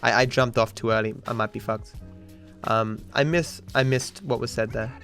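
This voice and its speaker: Medium-pitched and steady, with vocal fry and a slightly bright quality, this man talks at normal speed over faint music. An Australian streamer and speedrunner in his twenties, he chats casually with viewers mid-game, rambling and cursing freely.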